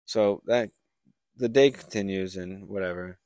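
A man's voice: fairly low pitch, moderate pace, no echo, studio quality. A young man co-hosting a podcast, casually recapping a book plot with lots of likes and restarts. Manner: rambling storyteller, many likes and restarts. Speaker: podcast co-host.

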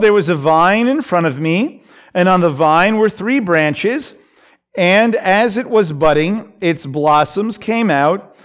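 A man teaching a Bible passage in a conversational way, with frequent fillers and asides, acting out the quoted lines. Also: high-pitched. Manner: unhurried, lots of fillers and asides, voices scripture quotes.

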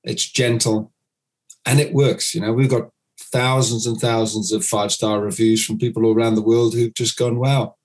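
A man's voice: fairly low pitch, little pitch movement, moderate pace. A man, a dog trainer, explaining his method in an interview, acting out owners' commands.

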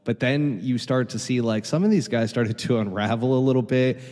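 A man's voice: mid-range voice, normal speed, a little mellow, big-room sound. A man co-hosting a casual podcast, recounting events in a wry, sarcastic way. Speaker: podcast co-host. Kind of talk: casual chat.

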